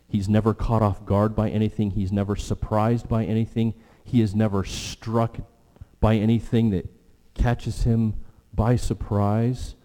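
A pastor delivering a sermon in a warm, mellow man's voice. He moves between earnest, animated passages and quiet, prayerful lows. The sound carries a long reverb, as in a church sanctuary. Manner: earnest preaching with rising animated stretches and hushed prayerful lows.

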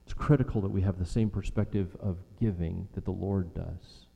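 A man's voice: low-pitched, steady tone, moderate pace, vocal fry, husky, lo-fi sound. Male pastor, emphatic repetitive sermon delivery, voice echoing through a large hall. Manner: emphatic preaching with repetition and rhetorical questions.

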